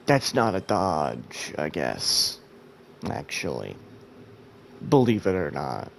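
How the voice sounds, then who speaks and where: A man's voice: very deep voice, huge pitch swings, slow pace, creaky, slight background noise. A man who has just woken up, chatting through his gameplay in a rambling, self-mocking way. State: sleepy, just woke up. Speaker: gameplay video host. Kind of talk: casual let's-play commentary.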